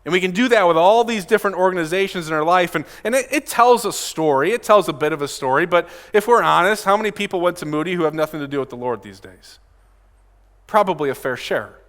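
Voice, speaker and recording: A male pastor gives a casual, direct sermon at a pulpit microphone in a church sanctuary, often asking his congregation questions. His high voice is expressive and fairly bright, at a quick pace, and the sound carries the feel of a large hall.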